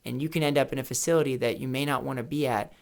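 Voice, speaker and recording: A man's voice: mid-range voice, fairly even intonation, rapid-fire, gravelly. A man advising on retirement, speaking emphatically, repeating key questions and telling anecdotes to make his point. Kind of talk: educational talk to camera. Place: office or home studio. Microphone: camera mic with studio lights setup.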